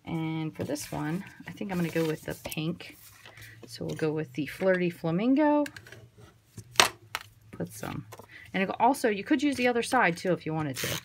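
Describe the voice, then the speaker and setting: Chatty woman with a lowish voice. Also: noisy background. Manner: chatty, relaxed, thinks aloud while working. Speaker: card-making instructor. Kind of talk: casual craft tutorial.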